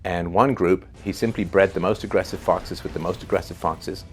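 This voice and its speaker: A man's voice: low voice, fairly even intonation, a little fast. A man talking in a loose, conversational way, full of fillers and rhetorical "right?" tags, now and then chuckling at his own examples. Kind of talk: unscripted spoken commentary.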